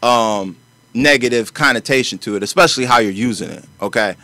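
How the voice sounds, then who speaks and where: A man's voice: medium pitch, fairly quick, sharp tone, no room sound. An American man hosting a casual debate, earnest and reasoning his point step by step. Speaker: podcast host.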